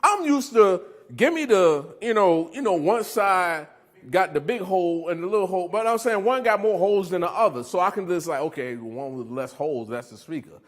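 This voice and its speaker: A middle-aged man speaking as a recovery speaker, giving a motivational talk to a live audience, telling stories in an animated way, laughing and quizzing his listeners. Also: high voice, moderate pace.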